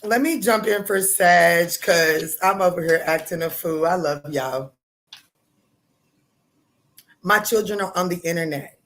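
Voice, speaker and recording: Bold, profane woman tarot host. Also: normal speed. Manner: loud, bold and profane, laughing often, with sudden jumps in pitch. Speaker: tarot reader livestream host. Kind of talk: casual livestream chat.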